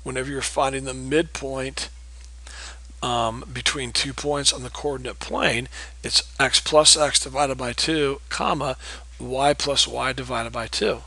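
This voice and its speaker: A male math teacher patiently works through geometry problems in a recorded lesson, repeating key points and checking in with "okay?". His mid-range voice is gravelly and sharp, with fairly even intonation and an unhurried pace. There's no echo, but the audio quality is poor.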